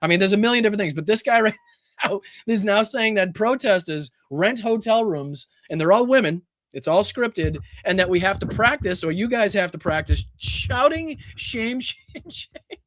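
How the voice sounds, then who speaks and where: A man's voice: high-pitched, animated, normal speed, fairly bright tone, no echo, clean studio sound. A man hosting a podcast, reacting to clips in casual political commentary, incredulous, swearing and laughing as he talks. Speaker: podcast host.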